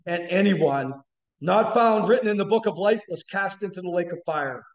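A man preaches with a very high voice, punching key phrases in loud, emphatic bursts. His sermon rings through an echoey church room. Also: moderate pace. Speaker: guest preacher. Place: church sanctuary.

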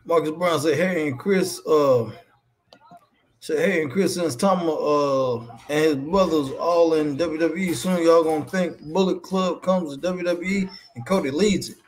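A man's voice: on the high side, moderate pace. A man co-hosting a live wrestling chat, dropping laid-back drawling asides. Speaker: co-host. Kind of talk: casual chat.

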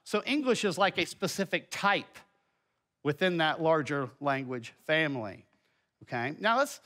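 A man's voice: fairly high pitch, big pitch swings, a little slow, sharp tone. A middle-aged man giving a folksy, conversational Bible lesson with slides, full of asides. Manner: folksy and conversational, with many asides and filler words. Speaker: teacher presenting a children's Bible lesson.

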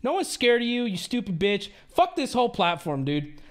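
A man's voice: very high-pitched, big pitch swings, normal speed. A man streaming live, ranting angrily with heavy swearing and exasperation. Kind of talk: angry live-stream rant.

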